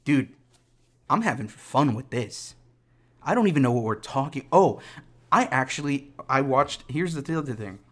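A man's voice: medium pitch, lively intonation, moderate pace. A young man hosts a casual solo podcast, talking in a loose, rambling way. He jokes at his own expense and drifts off on tangents before circling back. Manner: rambling, joking, self-deprecating with frequent tangents. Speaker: podcast host.

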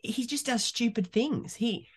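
A man co-hosting a casual movie podcast, animated and talkative, laughing often and restarting his sentences as he rambles through his picks. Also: extremely high pitch, unhurried, husky. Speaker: podcast co-host.

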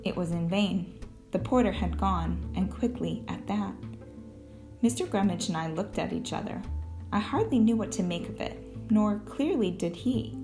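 Woman narrating a story, gravelly. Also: medium pitch, normal speed, over music. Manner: clear storytelling, first person. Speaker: audiobook narrator. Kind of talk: scripted narration.

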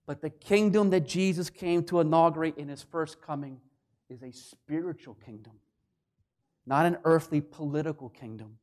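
A man preaching a sermon, swinging between loud declarations and hushed, quiet lines. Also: fairly high pitch. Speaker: pastor.

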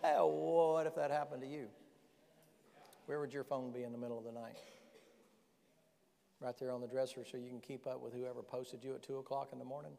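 A man preaching a sermon as pastor, folksy and animated, firing rhetorical questions at the congregation. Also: mid-range voice, a little fast, gravelly, long pauses. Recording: long reverb in a large hall.

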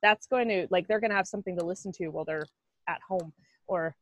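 A woman in her thirties from Canada, a musician guest on a podcast, chatting in an animated way and laughing often. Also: fairly low pitch, quick pace, dry recording. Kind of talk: casual chat.

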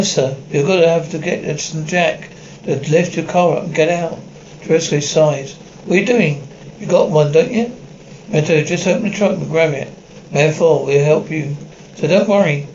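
A man's voice: a little high, darkish tone, dull audio, a little hiss or hum. A man reading a horror story aloud, voicing every part and reading the stage directions. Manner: reads stage directions aloud between voices. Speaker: narrator reading a horror story with all parts.

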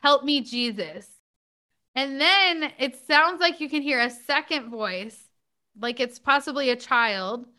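A woman's voice: high-pitched, measured pace, pushed and bright. A woman hosting a podcast, talking casually with many fillers and asides. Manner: chatty, many fillers like "like" and "you know". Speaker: podcast host. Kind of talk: casual chat.

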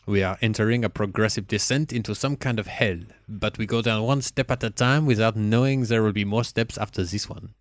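A man's voice: lowish voice, brisk, few pauses, no room sound, studio quality, close to an everyday voice. A man doing a pompous French film critic. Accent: put-on French. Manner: grandiose, lofty phrasing.

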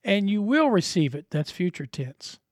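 A man's voice: high-pitched, sing-song, normal speed, no room sound, studio quality. A man preaching a sermon as a pastor, earnest and conversational, posing rhetorical questions to his listeners.

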